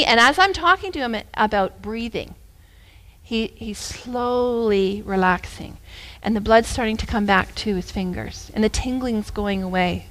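A woman preacher giving a sermon as a story, talking in an animated, conversational way that swings between loud and hushed. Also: on the high side, a little slow.

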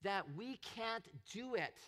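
A man preaching a sermon, animated and expressive, acting out the voices he quotes. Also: very high voice, takes it slowly. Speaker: pastor.

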